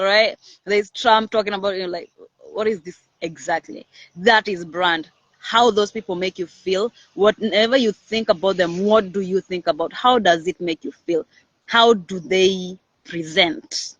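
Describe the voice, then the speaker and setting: A woman's voice: mid-range voice, no echo, muffled recording. A woman hosting a personal branding series, talking casually and confidently to her audience and often checking in with "all right?". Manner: energetic, confident, animated, with many "all right?" check-ins. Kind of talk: casual motivational talk to camera.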